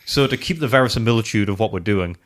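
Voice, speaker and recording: Man, low voice, self-deprecating podcast chat, rambling. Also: fast. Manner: chatty, self-deprecating, trails off and restarts. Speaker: podcast co-host. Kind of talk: casual chat.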